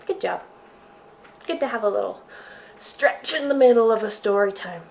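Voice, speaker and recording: A woman's voice: medium pitch, normal speed, vocal fry, long pauses, a little mellow, slight background noise. A woman librarian leading a children's story time, guiding finger rhymes in a friendly, chatty way.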